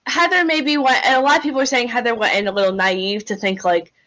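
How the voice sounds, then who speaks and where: A woman co-hosting a podcast, talking fast and with animation in casual chat, saying "like" often. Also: on the high side, fairly even intonation, a bit bright, poor audio. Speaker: podcast co-host.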